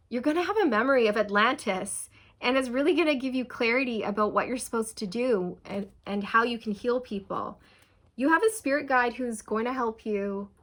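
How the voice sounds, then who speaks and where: A woman's voice: medium pitch, a bit bright. Young woman doing a tarot reading, chatty and earnest, keeps saying you guys to her viewers. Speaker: tarot reader. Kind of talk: casual channeled tarot reading.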